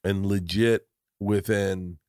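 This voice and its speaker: A man's voice: sits low, steady tone, slow, darkish tone, no room sound, studio quality. A man hosting a podcast, telling a self-deprecating comic story with lots of restarts and laughter. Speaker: podcast host. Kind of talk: casual comedic storytelling.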